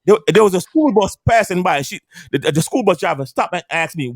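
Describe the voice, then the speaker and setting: A man in his fifties talks in a voice pitched a little high, and his pitch swings widely as he speaks. He tells stories in casual barbershop chat, swearing freely and stumbling over repeated words. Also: a little fast, no room sound. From Caribbean island. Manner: animated, repeats and restarts words, streetwise swearing. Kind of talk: casual storytelling.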